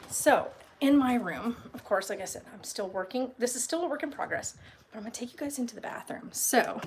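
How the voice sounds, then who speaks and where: Brief: young woman, slightly high voice, casual rambling home-tour vlogger, handheld camera. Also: expressive, a little fast, a little hiss or hum. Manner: chatty, rambling, with baby talk to her cats. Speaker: vlogger touring her home. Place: house, indoors and yard.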